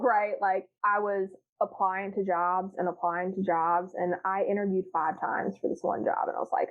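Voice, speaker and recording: A woman's voice: medium pitch, level tone, normal speed, few pauses. Woman guest, blunt and profane, laughs a lot, plays out her old self; tinny phone-line sound. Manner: frank, profane, laughs often, acts out her past self. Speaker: podcast guest. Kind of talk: candid casual chat.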